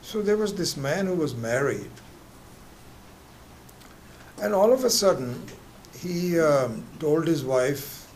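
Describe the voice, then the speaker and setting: A man's voice: fairly high pitch, animated, a little slow, a little mellow, a little hiss or hum. A man teaching a class on scripture, speaking conversationally with many fillers and asides. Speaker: spiritual teacher. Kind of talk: lecture with a told joke.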